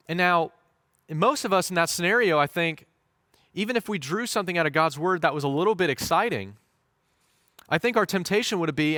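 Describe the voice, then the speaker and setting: A man's voice: on the high side, lively intonation, a little fast, sharp tone, no echo, studio quality. Man preaching a story-driven sermon. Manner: storytelling, shifts into voiced quotes. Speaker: pastor.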